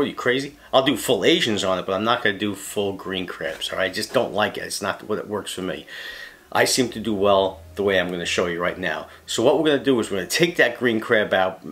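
A man's voice: on the low side, fairly bright tone. A man giving a casual, blunt fishing how-to, tagging "all right?" onto nearly every point. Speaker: fishing guide.

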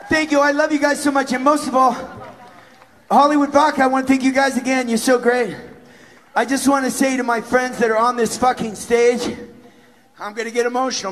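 A man's voice: extremely high pitch, fairly even intonation, a little fast, a bit bright. A man giving an effusive, emotional thank-you speech to supporters at a benefit, swearing casually. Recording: long hall reverb, faint crowd.

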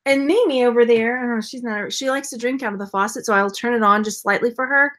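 A woman's voice: on the high side, fast, a bit bright. A woman chatting casually on a live stream, playful and rambling, throwing in silly sound effects. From Texas. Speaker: vlogger unboxing purses.

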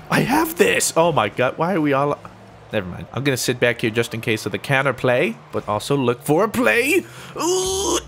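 A young man commentating his own gameplay, excitable and self-mocking, yelping and laughing at the plays. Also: fairly high pitch, normal speed, vocal fry, a little hiss or hum. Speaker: gaming YouTuber.

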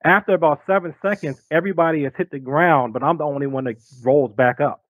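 Man telling lively stories, dry sound. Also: a little high, quick pace, no echo, rough recording. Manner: lively storyteller who acts out quoted voices. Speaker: guest. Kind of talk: casual storytelling interview.

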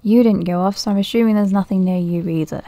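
A woman's voice: mid-range voice, quick pace, dark tone, no room sound. A woman giving casual let's-play commentary, thinking aloud nervously, often laughing and dropping to a whisper. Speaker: gaming video creator.

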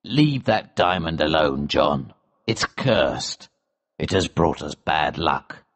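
A man reading a storybook voices a cautious friend, speaking slowly in a low, warning tone. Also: lively intonation, fairly bright tone, exaggerated voice.

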